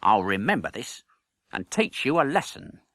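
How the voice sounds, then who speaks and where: A man's voice: medium pitch, sing-song, normal speed, a bit bright, no echo, studio quality. A man voicing a scheming young beggar boy who wails and pleads. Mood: spiteful. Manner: wailing, pleading.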